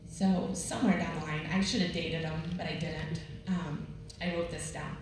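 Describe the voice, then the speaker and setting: A woman's voice: low voice, steady tone, normal speed. A middle-aged woman giving a chatty devotional talk at a women's retreat, telling stories with a laugh. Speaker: retreat speaker. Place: large room at a ladies' retreat. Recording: very echoey, distant, noisy room recording.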